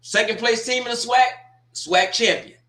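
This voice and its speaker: A man's voice: very high voice, normal speed, pushed and bright, roomy sound. A man hosting a sports talk show, rambling through a casual opinion monologue with folksy asides.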